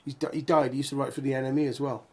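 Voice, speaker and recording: A middle-aged man in a band, telling stories in a lively, laughing way during a casual interview. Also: mid-range voice, rapid-fire, slightly rough. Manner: animated, laughing storyteller. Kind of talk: casual storytelling chat.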